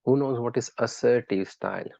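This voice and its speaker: A man's voice: medium pitch, moderate pace, gravelly, dark tone, no room sound, muffled recording. A man teaching a live online class, chatting with students and quizzing them by name in an encouraging way. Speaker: lecturer.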